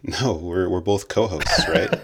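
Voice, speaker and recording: Low-voiced laughing podcast co-host, man. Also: slow, background noise. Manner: jokey, laughs often, many fillers. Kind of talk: casual chat.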